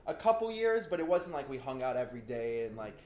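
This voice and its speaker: A young man in casual conversation, telling an animated story with lots of fillers and laughter. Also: mid-range voice, fast talker, echoey room.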